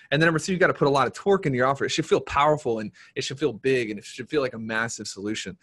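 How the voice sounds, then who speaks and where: A man leads a live marketing seminar, speaking at an ordinary mid pitch. He talks with energy and hammers his points home by saying them twice. His voice stays plainly conversational as he coaches the room. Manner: energetic, repeats key points for emphasis. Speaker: marketing workshop presenter. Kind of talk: live-streamed business seminar talk.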